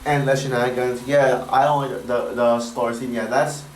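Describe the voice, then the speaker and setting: A man's voice: mid-range voice, flat delivery, moderate pace. A man giving a casual spoken movie review, rambling, with many fillers and stutters. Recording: echoey room with faint noise.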